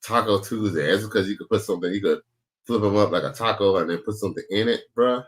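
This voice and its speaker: A man's voice: on the low side, fast. A man hosting a reaction video, talking in a laid-back, slangy way. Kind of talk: casual reaction commentary.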